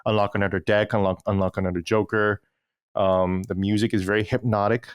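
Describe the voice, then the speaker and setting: A man's voice: fairly low pitch, level tone, fairly quick, clear, resonant tone, no room sound. A man co-hosting a gaming podcast, chatting casually and often repeating and restarting words. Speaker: podcast co-host. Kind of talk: casual chat.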